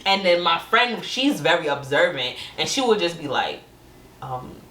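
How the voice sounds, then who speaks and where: A young woman telling a couple's story with lively energy, acting out quotes with big jumps in her voice and laughing often. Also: fairly low pitch, moderate pace, a little hiss or hum. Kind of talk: animated storytelling. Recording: roomy sound from a distant mic.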